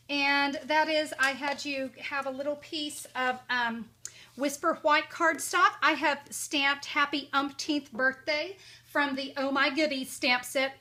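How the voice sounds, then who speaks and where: Chatty, upbeat woman with a high, bright voice, walking viewers through a crafting tutorial. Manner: chatty and upbeat, with playful asides. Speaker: crafting demonstrator.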